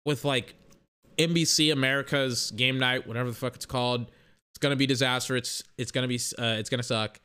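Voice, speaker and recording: A man's voice: medium pitch, steady tone, fairly quick, bright, forceful tone, clear, resonant tone. A young man in a casual, rambling sports rant that is profane and full of self-corrections.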